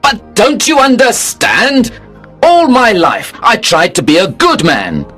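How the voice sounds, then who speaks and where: A man voicing an indignant man newly arrived in the afterlife, shouting his protests. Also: a little high, very animated, moderate pace, slightly rough, faint music behind, voice pushed up. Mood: outraged.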